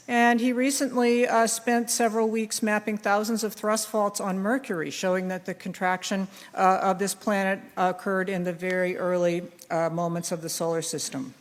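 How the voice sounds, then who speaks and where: A woman in her sixties presenting an award on stage, reading a formal tribute with frequent "uh" pauses. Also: medium pitch, fairly even intonation. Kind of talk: formal award citation speech. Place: large hall on stage. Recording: hall reverb.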